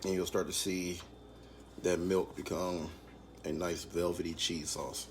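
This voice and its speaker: A man leading a live online cooking class, calmly explaining each step. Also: sits low, unhurried, a little hiss or hum. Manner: calm step-by-step instruction.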